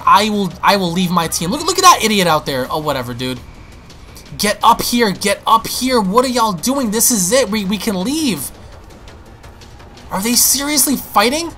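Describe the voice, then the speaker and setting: A young man giving excitable, panicky gameplay commentary, stammering and restarting as he plays. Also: high voice, normal speed, soft background music. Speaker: gaming YouTuber.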